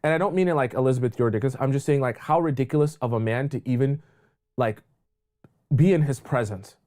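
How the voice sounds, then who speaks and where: A man hosting a live dating advice call-in show, ranting loudly and crudely mocking a caller's ex with drawn-out emphatic lines. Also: medium pitch. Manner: loud, mocking, crude rants. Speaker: dating coach host.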